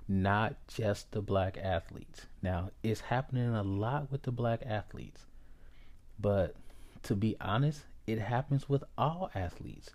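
Slow podcast guy from ohio telling a story, lowish mellow voice, keeps restarting. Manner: unhurried, halting with restarts. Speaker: podcast host. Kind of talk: personal storytelling monologue.

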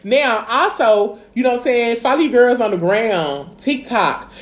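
Animated high-pitched woman podcast host. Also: a little slow. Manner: loud, animated, slangy and profane. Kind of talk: casual chat.

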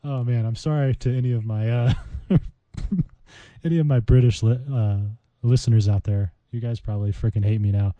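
A man's voice: mid-range voice, fairly even intonation, moderate pace, dark tone, dry recording, muffled recording. A man hosting a casual vocabulary podcast, chatting playfully as he walks through word mnemonics. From United States. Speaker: podcast host teaching vocabulary.

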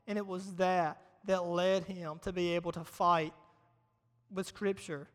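A man preaching a casual, humorous sermon to a live audience, energetic and chatty, repeating phrases for emphasis. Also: sits high, normal speed. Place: large hall before a live audience. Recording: long hall reverb.

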